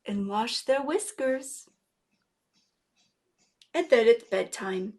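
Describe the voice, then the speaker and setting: Animated woman reading a bedtime story to children. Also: a little high, takes it slowly, long pauses. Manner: animated and playful, with gasps and exclamations, asking children questions. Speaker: guest librarian. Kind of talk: children's story-time read-aloud.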